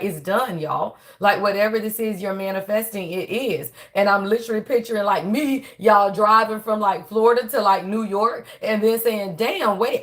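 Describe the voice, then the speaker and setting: A woman hosting a casual spiritual reading livestream, talking to viewers in an animated, chatty way with a tired, strained voice. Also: mid-range voice. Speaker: spiritual reader and channel host.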